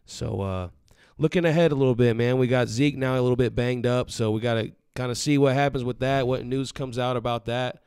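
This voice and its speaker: A man hosting a postgame fan chat, steady and upbeat as he plugs the show. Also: mid-range voice, brisk, smooth, dry recording, studio quality. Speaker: host.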